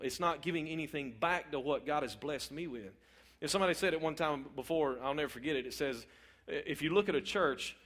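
Man preaching, higher voice. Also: a bit bright. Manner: conversational, repeats words, asks the audience questions. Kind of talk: informal sermon.

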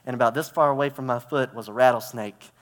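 A man preaches fast in a mid-range voice, the recording made in a reverberant hall. His sermon in church is chatty and story-driven, with him acting out parts using props and gestures.

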